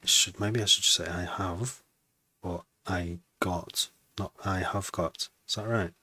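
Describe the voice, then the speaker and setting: Low-voiced man musing at his beats. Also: steady tone, measured pace, sharp tone, slightly rough, no room sound. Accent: slight Wrexham. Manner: musing aloud, trailing off and restarting. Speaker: music producer. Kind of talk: casual self-talk while making music.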